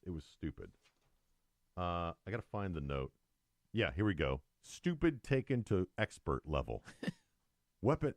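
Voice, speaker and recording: Male talk show co-host, lower voice, lively sarcastic delivery, dry close sound. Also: dry recording. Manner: animated, mocking, reads news aloud with sarcastic asides. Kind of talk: opinionated talk show chat.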